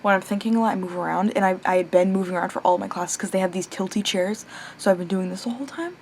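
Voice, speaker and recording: A young woman rambling casually in a late-night vlog, chatty and animated, full of fillers, restarts and casual swearing, now and then breaking off to talk to her pet. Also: medium pitch, fast, slight background noise. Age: young adult. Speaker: vlogger.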